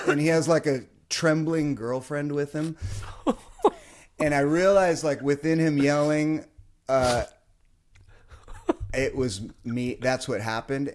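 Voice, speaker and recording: A man's voice: on the high side, slight background noise. A man on a casual podcast, telling a story and acting out the voices. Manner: animated storyteller who acts out voices. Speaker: podcast host.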